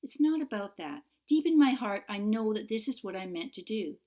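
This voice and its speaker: A woman's voice: mid-range voice, lively intonation, moderate pace, dark tone, voice pushed up, natural voice. Woman voicing an eager young witch. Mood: earnest. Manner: insistent, pleading. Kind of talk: audiobook character voice.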